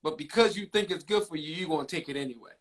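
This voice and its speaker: A man's voice: a little high, quick pace. A man co-hosting a podcast as the preacher, talking through ideas in church terms and backing his partner with "right". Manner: church-talk, reflective, affirming with "right". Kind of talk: casual podcast talk.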